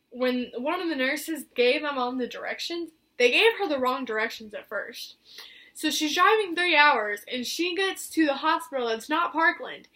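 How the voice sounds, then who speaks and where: Bright high-voiced young woman storyteller. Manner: chatty, filler-heavy, acts out quoted voices. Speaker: vlogger. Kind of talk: casual storytelling to camera.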